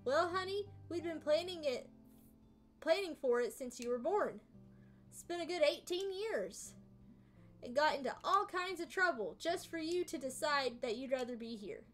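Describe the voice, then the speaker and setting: Reproachful middle-aged mom, read by a woman, high voice, game dialogue read aloud, faint music behind. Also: expressive, normal speed. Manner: reading game dialogue aloud in a mostly natural voice.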